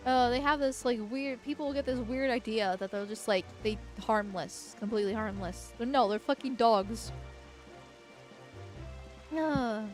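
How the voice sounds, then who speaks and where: A woman streamer talking over her gameplay, rambling and crude, dropping swear words freely. Her voice sits high, with faint music running underneath. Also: unhurried. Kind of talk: gameplay commentary.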